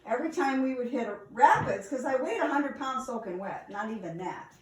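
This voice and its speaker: A woman telling stories from her past in a casual, animated way, laughing and acting out the lines. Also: a little high, a little fast. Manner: animated, laughing, acts out quotes. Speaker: storyteller. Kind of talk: casual storytelling. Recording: echoey room, distant mic.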